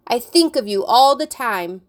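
A woman's voice: a little high, expressive, measured pace. A woman voicing a smug male middle-school teacher who mocks a student in a theatrical, teasing way. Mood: mocking.

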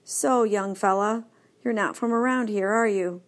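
A woman voicing a kind, motherly female dog in a storybook, with a gentle, soft voice. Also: mid-range voice, a little slow, lightly acted.

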